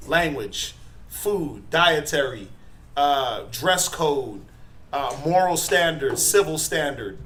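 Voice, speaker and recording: A middle-aged man teaching a Bible class, quizzing his students and tagging his points with "right?", building to forceful emphasis. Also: a little high, animated, slow, slight background noise. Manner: asks the class questions, tags lines with "right?".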